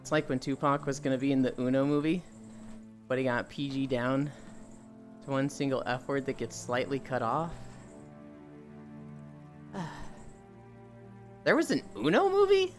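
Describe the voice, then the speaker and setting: A woman's voice: a bass voice, big pitch swings, unhurried, pauses often. A woman streaming, chatting casually and telling stories animatedly, swearing freely. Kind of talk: casual chat. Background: faint music.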